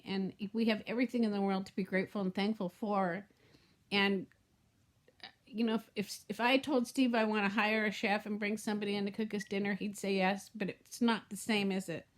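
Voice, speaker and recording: A middle-aged woman vlogging to camera in a heartfelt, rambling way that often trails off and restarts. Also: mid-range voice. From Southern California. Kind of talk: casual talk to camera.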